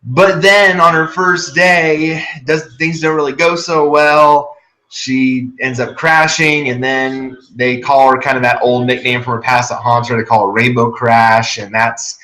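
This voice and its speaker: A man's voice: medium pitch, bright, forceful tone, echoey room, poor audio. A man hosting a casual episode review, talking enthusiastically and rambling with frequent restarts. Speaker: podcast host.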